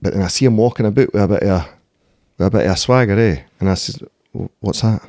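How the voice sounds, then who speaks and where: A man's voice: fairly low pitch, very fast, dark tone, dry recording, studio quality. A man in his thirties with a Scottish accent, telling stories bluntly and swearing freely as a podcast guest. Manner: blunt, sweary storytelling with frequent "eh" and "mate". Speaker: podcast guest, MMA fighter and doorman. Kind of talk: casual conversational interview.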